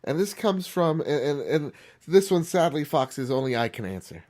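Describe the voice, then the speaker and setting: Animated male podcast host. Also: on the high side, moderate pace. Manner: animated, rambling, laughs often. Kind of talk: casual podcast chat.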